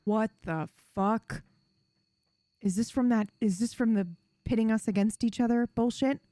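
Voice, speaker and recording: A woman's voice: fairly high pitch, normal speed, mellow, dry recording. A woman playing a tabletop game in casual chat, swearing freely and laughing often. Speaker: player.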